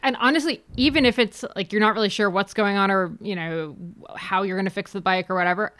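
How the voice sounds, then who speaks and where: A woman's voice: medium pitch, fast, a bit bright, clean tone. A woman co-hosting a podcast in a casual chat, emphatic and teasing. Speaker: podcast co-host and author.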